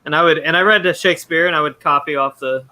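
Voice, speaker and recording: A man's voice: a little high, steady tone, quick pace, sharp tone. A man hosting a casual interview, speaking with hesitant restarts. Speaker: show host.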